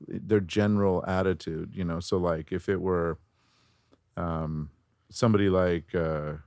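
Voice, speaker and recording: Middle-aged male voice actor, lively demo-heavy talker, slightly low voice, dry booth-like sound. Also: a little slow, dry recording. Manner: animated, demonstrates voices while explaining. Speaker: voice actor guest. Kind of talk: casual interview chat.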